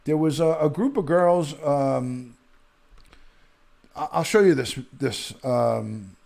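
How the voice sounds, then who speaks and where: A man's voice: a little high, slow pace, vocal fry, a little mellow. A middle-aged man hosting a live stream, ranting with outrage, emphatic, often repeating himself and restarting sentences. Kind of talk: heated live-stream rant.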